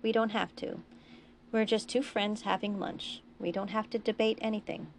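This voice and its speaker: A woman voicing a gentle, patient male friend who reassures and coaxes in a slightly raised voice. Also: medium pitch, fairly even intonation, normal speed, vocal fry, slight background noise, pitched above the performer's own voice, lightly acted. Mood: coaxing.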